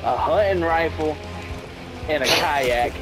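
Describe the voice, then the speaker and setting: A young American man with a somewhat high voice, cursing and teasing his friends while playing. Loud game music booms behind him. He keeps it loud and brash. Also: takes it slowly. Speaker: gamer. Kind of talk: casual gaming banter.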